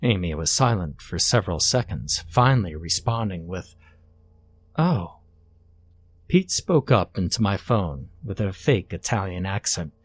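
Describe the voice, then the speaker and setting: A man reading a first-person horror story in a calm, steady scripted narration. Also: deep voice, normal speed, few pauses, breathy edge. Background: faint background music.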